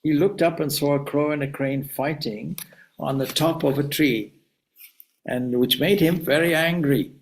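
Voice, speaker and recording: Gravelly-voiced man giving a spiritual talk. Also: on the high side, steady tone, measured pace, poor audio. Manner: reflective, digressive, with asides. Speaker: swami giving a talk and answering questions. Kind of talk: spiritual discourse, storytelling.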